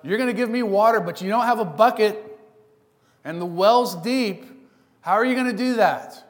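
A man's voice: high voice, very animated, takes it slowly, long reverb tail, pitched above the performer's own voice, exaggerated voice. A man voicing an indignant, snarky Samaritan woman, sarcastic and challenging.

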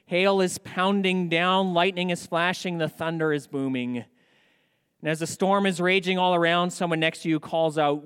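High, resonant-voiced male preacher. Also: unhurried, clear, resonant tone, long reverb tail. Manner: animated preaching with rhetorical questions. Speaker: pastor. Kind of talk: sermon.

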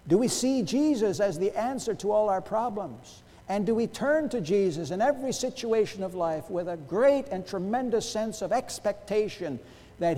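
Male pastor, higher voice, very animated delivery, sermon with long church echo. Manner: emphatic, rhetorical questions, wide swings in loudness. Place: church sanctuary.

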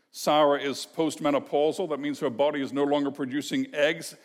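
A pastor with a fairly high voice delivers an expository sermon, emphatic and measured, leaning on rhetorical questions. His words ring out in a large hall with a long, lingering reverb, as in a church sanctuary.

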